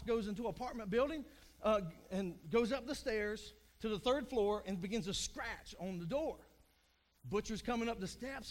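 Man, preacher, high pitch, casual sermon delivery, self-deprecating humor. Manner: chatty, self-deprecating, acts out joke voices. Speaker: pastor.

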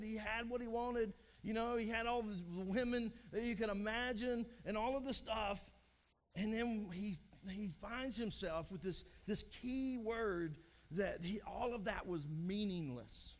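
A man, a pastor in his thirties with young kids, preaching a conversational sermon, repeating phrases and acting out weary, frustrated speakers. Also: high-pitched.

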